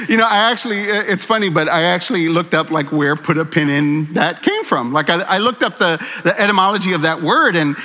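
A man's voice: high-pitched, moderate pace, sharp tone, long reverb tail. A man preaching a conversational sermon, earnest and candid, with self-deprecating humor, in a church sanctuary. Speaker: pastor.

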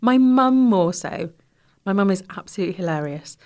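A woman's voice: mid-range voice, animated, moderate pace. A woman comedian, a guest in a casual interview, telling stories and laughing as she talks.

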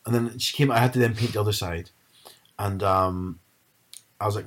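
A man's voice: fairly low pitch, fast, slightly rough. A man, chatting casually and animatedly retelling a story. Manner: animated storyteller, mimics his mum.

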